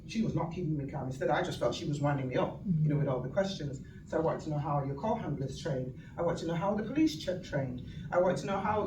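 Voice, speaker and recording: A woman with a Northern English accent telling personal stories as a speaker at an event, animated, laughing often and acting out quoted speech. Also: sits low, fast talker, few pauses. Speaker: guest speaker. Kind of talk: personal storytelling talk at an event. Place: event venue hall. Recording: echoey hall, mic from far off, noisy.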